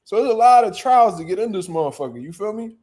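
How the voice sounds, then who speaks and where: A young man hosting a boxing show, chatting in loud, profane, joking banter and often laughing. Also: high voice, animated, fast. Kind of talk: casual chat reacting to live chat.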